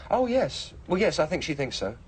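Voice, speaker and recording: A young actor playing a touchy teenage son waiting on exam results in a TV drama. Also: male voice, a little high, very animated, moderate pace, a little hiss or hum. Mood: earnest. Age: teens. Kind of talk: 1980s British TV drama.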